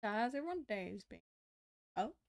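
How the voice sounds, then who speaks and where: A woman's voice: a little high, sing-song, normal speed, dry recording, studio quality. A young woman streaming late at night, chatting casually to viewers as she draws, swearing freely and laughing often. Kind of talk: casual late-night live-stream chat while drawing. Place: room at home.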